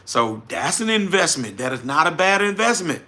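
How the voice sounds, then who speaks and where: A middle-aged man with a New Orleans accent hosting a casual livestream, folksy and animated as he answers viewers directly. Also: on the high side, normal speed. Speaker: livestream host, trucking business owner.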